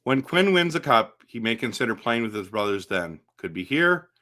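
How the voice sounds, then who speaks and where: Hosting a relaxed live stream, a man reads and answers chat comments one after another, animated and chatty, frequently restarting his sentences. His voice is bright and forward, medium in pitch, at a moderate pace.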